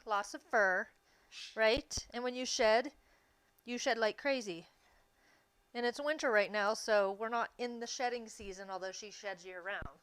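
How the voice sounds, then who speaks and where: Woman streamer, slightly high voice, easygoing and chatty while baking on stream. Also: a bit bright, clear, resonant tone. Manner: chatty, easygoing, quick to laugh. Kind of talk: casual chat while baking on a livestream.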